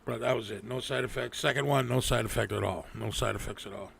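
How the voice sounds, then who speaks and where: Gravelly, profane livestream host man. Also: mid-range voice, fast talker, a bit bright, slight background noise. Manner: rambling and profane, with frequent restarts. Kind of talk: casual livestream chat.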